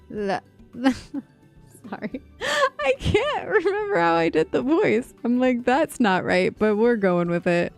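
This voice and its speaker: A woman's voice: on the high side, very animated, slow, creaky, faint music behind. A woman streaming a game, chatting casually and giggling at her own attempts at character voices. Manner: giggly, self-deprecating chatter. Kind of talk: casual gaming livestream commentary.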